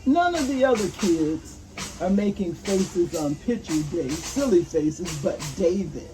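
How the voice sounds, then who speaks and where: Slow, gentle older woman reading aloud. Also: lowish voice, big pitch swings, over music, low-quality recording. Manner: slow, gentle, asks the listener questions. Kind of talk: reading a picture book aloud to children. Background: faint roofing work noise.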